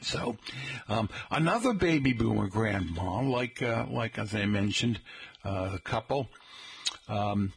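Middle-aged guy chatting on the radio, husky voice, folksy and rambly, keeps saying folks. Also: fairly low pitch, animated, unhurried. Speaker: radio host. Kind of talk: casual radio talk.

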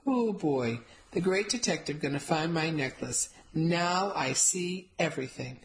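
A woman's voice: low voice, lively intonation, unhurried, poor audio. A woman voicing a bossy, touchy elderly woman who scoffs in broken English, in a storybook reading. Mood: scornful. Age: older. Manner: stubborn, scornful, speaks in broken English.

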